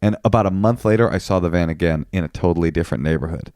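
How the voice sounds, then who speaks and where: A man co-hosting a podcast, chatting casually and telling stories with animated quoted voices. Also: rapid-fire, dry recording, studio quality. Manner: animated storyteller, jumps into high quoted voices. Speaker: podcast co-host. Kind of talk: casual chat.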